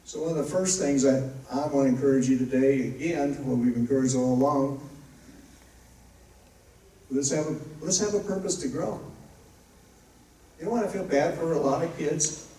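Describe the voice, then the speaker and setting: A man's voice: mid-range voice, moderate pace, pauses often, warm tone, a little hiss or hum. A man preaching a sermon as pastor, emphatic and repetitive, building to fervent passages. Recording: roomy echo, distant mic.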